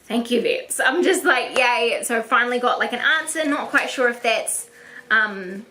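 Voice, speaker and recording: A young woman vlogs from home, her voice a little high and very bright. She rambles and gushes, piling up repeated words for emphasis. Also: lively intonation, moderate pace. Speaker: vlogger. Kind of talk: emotional personal vlog. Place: at home indoors.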